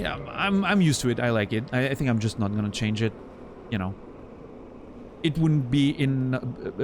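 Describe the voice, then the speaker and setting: A man's voice: medium pitch, noisy background. A man streaming a game, chatting casually in a rambling way with many restarts while he plays. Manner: rambling, chatty storyteller with frequent laughs and restarts.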